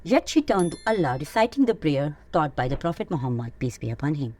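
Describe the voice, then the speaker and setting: A woman hosting an Islamic teaching channel, reading a scripted lesson in an earnest, measured way. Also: deep voice, sing-song, warm tone. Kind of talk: scripted religious teaching narration.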